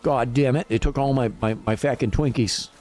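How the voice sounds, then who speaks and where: A man's voice: medium pitch, fairly even intonation, normal speed, a little mellow, soft background music, close to an everyday voice. A man putting on the voice of a grumpy old man who hoards snack cakes, drawling and cursing as he grumbles. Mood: grumbling.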